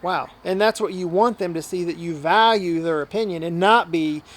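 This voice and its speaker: High-voiced, earnest hunting outfitter. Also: male voice, moderate pace. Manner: earnest, talkative, often acts out quoted dialogue. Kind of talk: casual storytelling in a podcast interview.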